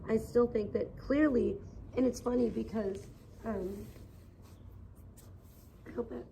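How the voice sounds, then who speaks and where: A woman's voice: a little high, steady tone, takes it slowly, gravelly, warm tone, slight background noise, poor audio. A woman livestreaming outdoors in the sun, rambling and gossiping in a casual, filler-heavy way.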